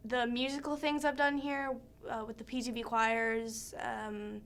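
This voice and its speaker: Earnest teenage girl with a slightly high voice. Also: little pitch movement, unhurried, fairly bright tone. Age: teens. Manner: earnest, hesitant with ums. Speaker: student interviewee.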